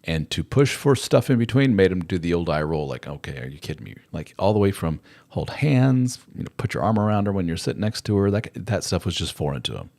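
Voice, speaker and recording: A man's voice: sits low, expressive, fairly quick, darkish tone. A middle-aged man hosting a live chat, talking in a rambling, conversational way and acting out little quotes in other voices. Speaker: host. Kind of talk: live chat advice talk.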